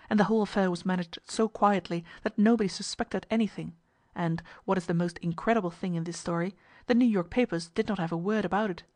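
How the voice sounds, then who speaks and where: A woman narrating a story in an even, measured reading. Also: medium pitch, no room sound, clean studio sound.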